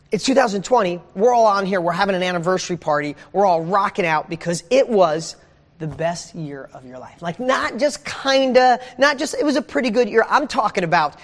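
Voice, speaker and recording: A man leading a motivational session for a members' group, fired up and preachy, throwing out rapid questions and swearing casually. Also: sits high, in a large hall. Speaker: success coach hosting a members' group. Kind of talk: energetic motivational livestream.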